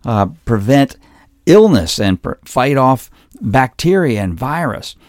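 A man's voice: mid-range voice, big pitch swings, slow, darkish tone, no echo, clean studio sound. Earnest male podcast host. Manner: earnest, teaching, lists points one by one. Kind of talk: solo health podcast talk.

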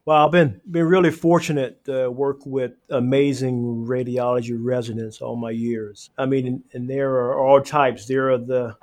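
A man in his fifties, a hospital reading room coordinator, answering podcast interview questions in an earnest, halting way with many restarts. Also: medium pitch, level tone, darkish tone.

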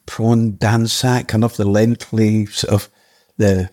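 An older man, an actor guest, telling a story casually in a halting way, with restarts and the odd casual swear. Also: on the low side, flat delivery, darkish tone.

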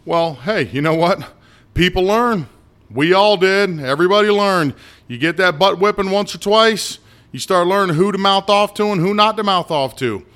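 A man's voice: fairly high pitch, expressive, normal speed, a bit bright, smooth. A middle-aged man from the United States hosting a casual solo podcast, blunt and ranting, with many asides and restarts. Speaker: podcast host.

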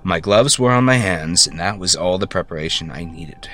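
A man telling a first-person story, narrating in a halting way with stammered self-corrections. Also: low voice, expressive, fairly bright tone.

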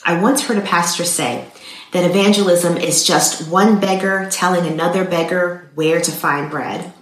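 A woman's voice: on the low side, fairly even intonation, moderate pace. A woman earnestly telling a devotional story and speaking directly to listeners. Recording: roomy echo.

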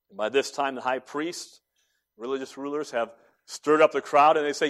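A man preaching a sermon, retelling events dramatically and voicing each character, moving between loud emphasis and hushed lines. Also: fairly high pitch, moderate pace. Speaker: pastor.

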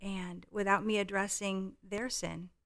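A woman's voice: medium pitch, flat delivery, a little slow, a bit bright. A middle-aged woman guest telling a personal parenting story in an earnest, heartfelt way. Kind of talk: storytelling in conversation.

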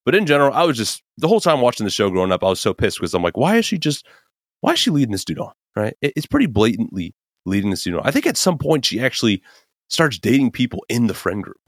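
A young man hosts a podcast, casually ranting about a TV show in an opinion monologue full of fillers and tag questions. His voice is lowish, very animated and fast, recorded at studio quality with no room sound.

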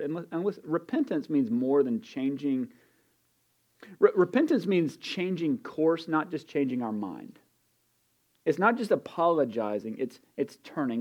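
A man's voice: fairly high pitch, darkish tone, dull audio. A man preaching a sermon in an earnest way, repeating key phrases and building intensity as he goes. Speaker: pastor.

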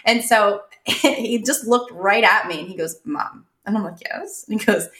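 A woman in her thirties, co-hosting a podcast, telling stories in a casual, animated way and laughing often. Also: mid-range voice, moderate pace, roomy sound. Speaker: podcast co-host. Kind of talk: casual chat.

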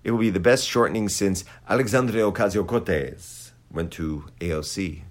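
A man's voice: low voice, moderate pace. A man delivering a satirical political monologue with sarcastic, dry asides. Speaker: commentator.

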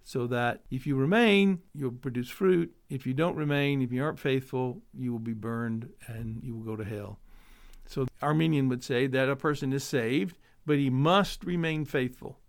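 A man teaching theology, reading scripture aloud and explaining it in a measured, explanatory way, his voice dropping low at the end of each point. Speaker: Bible teacher.

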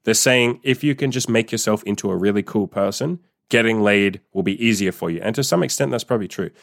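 A man's voice: lowish voice, fairly quick, vocal fry, dry recording, studio quality. A man coaching listeners in a solo podcast monologue, blunt, emphatic and profane, acting out quoted dialogue in a mocking voice. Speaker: dating coach.

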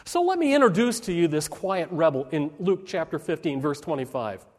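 Pastor, male, high voice, earnest sermon delivery, long hall reverb. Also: sing-song. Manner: earnest preaching with emphatic rises and slowed, dropping phrases.

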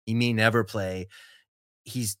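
A man's voice: fairly low pitch, fairly even intonation, slow pace, dry recording, clean studio sound. A man hosting a podcast, telling a long story in a casual, rambling way with many fillers and laughs. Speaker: podcast host.

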